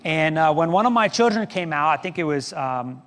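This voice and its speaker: A man's voice: a little high, lively intonation, normal speed, fairly bright tone, long reverb tail. A middle-aged man preaching a sermon as pastor, telling a story with self-deprecating humor. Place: church sanctuary.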